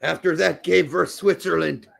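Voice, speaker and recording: A man co-hosting a live soccer watch-along stream, talking casually with lots of swearing and bursts of shouting. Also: a little high, moderate pace, vocal fry. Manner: excitable, profane, bursts into shouting over goals.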